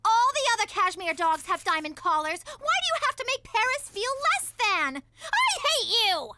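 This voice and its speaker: An actress playing a spoiled, melodramatic teenage daughter who whines and wheedles. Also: female voice, very high voice, sing-song, normal speed, heavy background noise. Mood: wheedling. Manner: whiny and melodramatic, swinging from hate to love. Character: spoiled bratty teenage daughter, dramatic and whiny.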